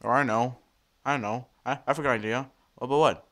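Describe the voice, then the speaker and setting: A man giving casual commentary over a computer screen recording, talking to viewers in a halting, excitable way and often repeating and restarting words. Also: mid-range voice. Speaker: computer vlogger.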